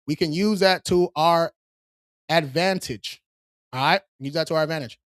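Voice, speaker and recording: A man's voice: a little high, normal speed, dry recording, studio quality. A man hosting a live stream, reading viewers' questions aloud and answering them in a casual, streetwise way. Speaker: credit repair livestream host.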